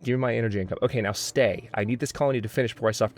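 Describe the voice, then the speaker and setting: A man's voice: lowish voice, racing, hardly any pauses, soft background music. Man, let's play host, strategy game commentary, exasperated, thinking aloud. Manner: exasperated, talking to himself. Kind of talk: gameplay commentary.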